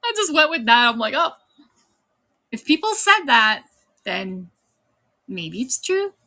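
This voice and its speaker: A woman's voice: a little high, sing-song, measured pace, sharp tone. A woman in her thirties with a slight Irish tinge, chatting casually on her streaming debut and laughing often. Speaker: VTuber streamer. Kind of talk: casual livestream chat.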